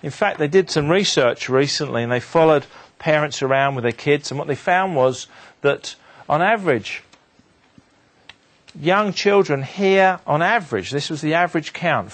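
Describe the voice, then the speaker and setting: A man giving a motivational talk to an audience, telling a story in an animated way and dropping his voice low and quiet for the sad moments. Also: unhurried. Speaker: motivational speaker.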